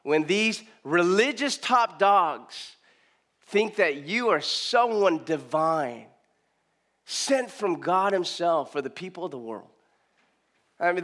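High-voiced preacher telling a lively story. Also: male voice. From Southern California, US. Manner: animated, acts out quoted speech, frequent restarts. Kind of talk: storytelling sermon. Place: in front of a live congregation.

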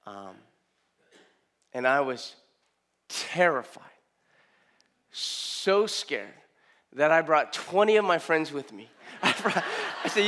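A middle-aged man preaching a sermon, telling a personal story with emotional repetition and loud rising emphasis. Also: on the high side, lively intonation, takes it slowly, pauses often. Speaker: pastor.

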